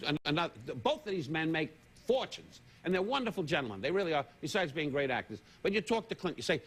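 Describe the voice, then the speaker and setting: A man's voice: fairly high pitch, sing-song, quick pace, a little hiss or hum. A man in his eighties, a talk show guest, trading brash, needling insult comedy and laughing at his own jokes. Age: 80s. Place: TV studio. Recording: TV studio with loud audience laughter. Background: loud studio audience laughter.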